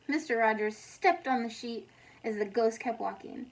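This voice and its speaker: A woman's voice: on the high side, normal speed, low-quality recording. Woman reading a picture book aloud. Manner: warm asides, soft and near whispered at times. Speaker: storybook reader.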